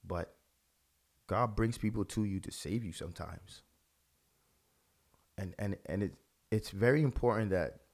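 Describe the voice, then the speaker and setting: A man, a pastor, giving religious video commentary with impassioned, repetitive phrasing. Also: sits low.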